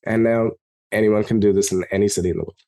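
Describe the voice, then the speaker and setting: A man being interviewed as a software company co-founder, telling stories and acting out the dialogue in a raised voice. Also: lowish voice, fast. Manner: animated, acts out quoted dialogue in a raised voice. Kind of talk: storytelling in an interview. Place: lives in Melbourne.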